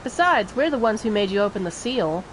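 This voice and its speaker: A woman's voice: mid-range voice, animated, fairly quick, a little hiss or hum, lightly acted, rough recording. A woman voicing an easygoing young male thief, reading game dialogue aloud in a teasing, reassuring way.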